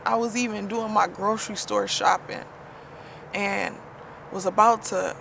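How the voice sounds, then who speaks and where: A woman talks straight to her viewers in a relaxed, chatty way, sprinkling "you know" through every thought. Her voice sits at a middle pitch, with a faint hiss of noise behind it. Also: unhurried, gravelly. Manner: chatty, with frequent "you know" fillers and laughter; heartfelt, spiritual testimony. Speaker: vlogger. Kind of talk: casual personal storytelling.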